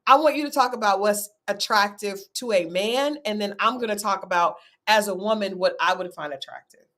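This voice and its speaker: A woman hosting a relaxed recap chat. She talks in a chatty, animated way and keeps asking her guest questions. Her tone stays casual and conversational. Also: medium pitch, fairly quick. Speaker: host.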